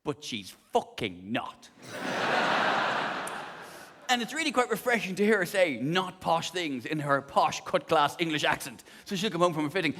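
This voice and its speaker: A man's voice: on the high side, big pitch swings, normal speed, bright, forceful tone. A man performing live stand-up comedy on a theatre stage, ranting animatedly and swearing freely into a stage mic. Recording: long theatre hall reverb.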